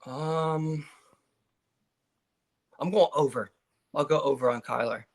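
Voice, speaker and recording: A man's voice: on the high side, slow pace. A man co-hosting a sports-betting show in casual chat, giving short, easygoing answers with fillers.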